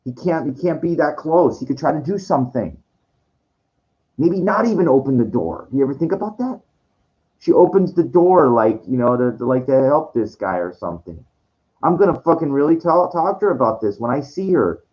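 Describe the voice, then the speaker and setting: In a muffled clip, a man with a mid-range voice talks fairly quickly and with lots of animation. He's a streamer delivering a meandering, profanity-laced monologue with frequent false starts, sometimes imitating what others said in acted voices.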